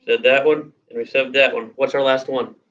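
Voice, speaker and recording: A woman teacher guides young children through a lesson, patiently prompting them and repeating her questions. Her voice is a rumbling low with fairly even intonation at normal speed, and the audio sounds dull.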